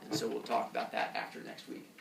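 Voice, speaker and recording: Gravelly-voiced joking teacher in a classroom. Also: male voice, extremely low pitch, fast talker, noisy background. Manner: joking, lively, puts on kid voices for effect. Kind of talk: classroom explanation to students. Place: school classroom. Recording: echoey classroom, far from mic.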